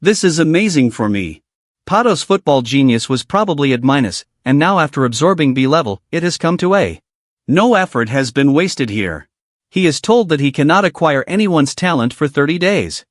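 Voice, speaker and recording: Man, story recap narrator, scripted narration, animated pitch, dry close sound. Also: no echo. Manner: brisk plot-summary reading.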